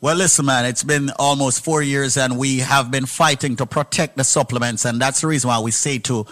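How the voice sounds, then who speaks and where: Man, radio host, bright tense voice, animated, prompting questions. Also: medium pitch, fairly quick. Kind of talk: talk radio hosting.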